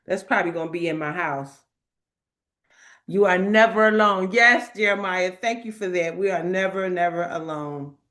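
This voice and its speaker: A woman hosting a spiritual talk, animated and emphatic, laughing often as she reads inspirational cards. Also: on the low side, normal speed. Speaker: host. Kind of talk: spiritual talk and card reading.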